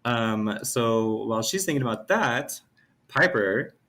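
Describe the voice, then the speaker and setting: A man co-hosting a podcast, recapping an episode in a relaxed way with plenty of "um" and "you know". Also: medium pitch, slow pace. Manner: relaxed, hedging with lots of fillers. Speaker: podcast co-host.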